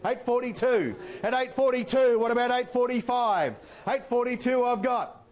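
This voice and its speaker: High-pitched Australian auctioneer man. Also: a little mellow. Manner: rapid rhythmic bid calling with playful banter. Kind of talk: live property auction calling.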